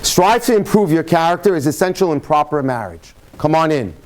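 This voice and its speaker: A man lecturing as a rabbi to a live audience in a room, telling jokes and stories with lively shifts in speed. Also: fairly high pitch, slight background noise. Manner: animated storytelling, speeds up and slows down.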